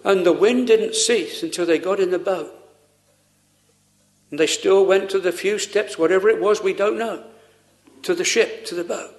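Guy preaching a sermon, kinda high voice, solemn and earnest, lots of pauses.

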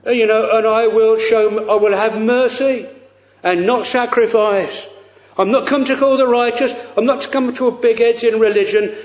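A man preaching a sermon in earnest, halting speech, with many fillers and old-fashioned phrasing. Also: very high voice, steady tone, echoey room, dull audio.

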